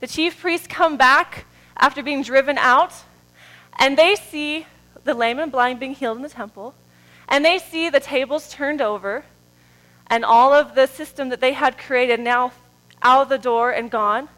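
A woman preaching a sermon in a church, moving between soft, drawn-out phrases and loud, rising calls. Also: high-pitched, low-quality recording.

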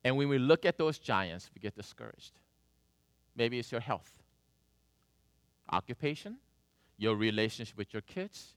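A man preaching a sermon, telling a story with animated swings between loud and soft. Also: medium pitch, dry recording. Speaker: pastor.

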